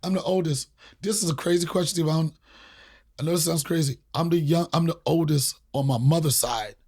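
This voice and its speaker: A man hosting a podcast, from the Washington, D.C. area, speaks briskly in a slightly rough, somewhat high voice. In relaxed chat he recounts a long story, swearing plenty and animatedly doing the voices of those involved.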